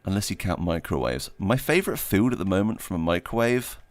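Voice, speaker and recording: On a livestream, a man with a low, expressive voice speaks briskly, with no echo. He reads out chat questions as he plays and answers them in a rambling, self-deprecating way, with lots of laughter.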